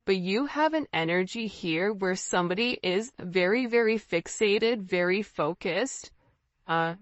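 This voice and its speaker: A woman's voice: mid-range voice, a little slow, dry recording, highs cut off. A woman giving a casual, intuitive tarot reading, repeating words for emphasis. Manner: intuitive, repetitive, casual phrasing. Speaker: tarot reader.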